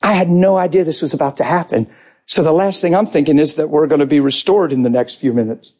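A man telling an emotional sermon testimony, animated, storytelling and rising to shouts. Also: a little high, fast talker. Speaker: preacher giving testimony.

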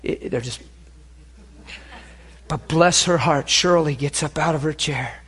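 A man preaching and telling healing stories, swinging between hushed and loud. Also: a little high, moderate pace, breathy edge. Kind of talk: sermon with healing testimony.

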